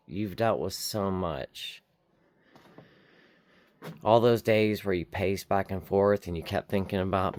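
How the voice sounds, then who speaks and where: A man's voice: low-pitched, darkish tone. A man giving an earnest, repetitive recovery pep talk outdoors, shivering in the cold. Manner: earnest, slow, repetitive encouragement. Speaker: recovery vlogger. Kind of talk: heartfelt motivational talk to camera.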